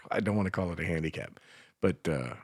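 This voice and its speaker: A radio co-host from Ohio in casual, crude, rambling banter on a morning show. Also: male voice, deep voice, huge pitch swings, moderate pace, slightly rough, dry recording, studio quality. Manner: rambling, crude joking with laughs.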